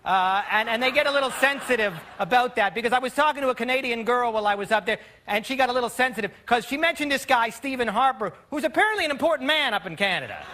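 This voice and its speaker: An American man telling stand-up jokes in a wry, offhand way, pausing for punchlines on a TV studio stage. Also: very high voice, animated. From United States. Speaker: stand-up comedian. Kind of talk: stand-up routine. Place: TV studio stage before a live audience. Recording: loud studio audience laughter and noise.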